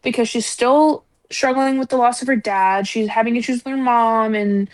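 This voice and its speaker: A woman co-hosting a casual podcast chat, ranting in an animated, exasperated way and swearing freely. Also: on the high side, moderate pace, no room sound. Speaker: podcast co-host.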